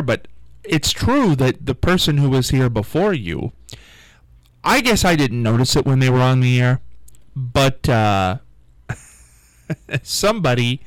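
A man's voice: mid-range voice, big pitch swings, unhurried, no room sound, poor audio. A male radio host in casual on-air chat, rambling and searching for his words.

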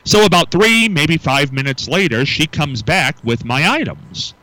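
A man's voice: a little high, expressive, measured pace, sharp tone, no room sound, rough recording. A middle-aged man hosting a casual morning radio talk show, musing aloud and often repeating words as he restarts.

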